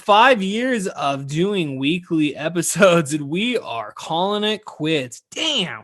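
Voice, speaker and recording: A man's voice: a little high, sing-song, takes it slowly, hardly any pauses, a bit bright. Laid-back swearing podcast host man. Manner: laid-back, swears freely, lots of "dude" and "like". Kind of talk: casual solo podcast chat.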